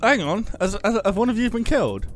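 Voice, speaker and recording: A man's voice: sits high, animated, brisk, soft background music. A young man joking around with friends while gaming on a headset. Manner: joking, drawling. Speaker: gamer. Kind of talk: casual chat while gaming.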